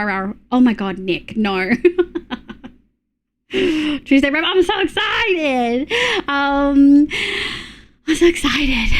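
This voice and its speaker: Speaking to her live-stream audience in an Australian accent, this woman keeps things casual, reading chat messages and dropping quick side comments. Her pitch is a little high.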